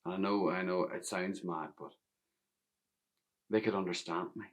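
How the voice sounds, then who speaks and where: A man's voice: low voice, steady tone, moderate pace, close to an everyday voice. A man playing a wistful Northern Irish stableboy. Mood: reflective. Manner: reflective, intimate, often hushed. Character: grown stableboy remembering his youth, wistful. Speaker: actor in a one-man play. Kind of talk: theatrical monologue narration.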